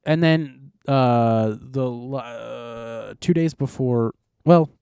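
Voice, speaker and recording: A man's voice: medium pitch, drawn-out words, vocal fry, darkish tone, clean tone, no echo, studio quality. A young man hosting a podcast, telling a long story in a rambling, laid-back way with lots of fillers. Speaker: podcast host. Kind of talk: casual chat.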